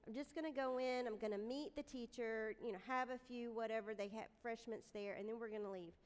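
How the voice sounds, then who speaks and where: A middle-aged woman, giving an animated, self-deprecating devotional talk to a room of moms. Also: fairly high pitch, a little fast. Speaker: speaker at a women's gathering. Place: room with a live audience. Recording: long hall reverb.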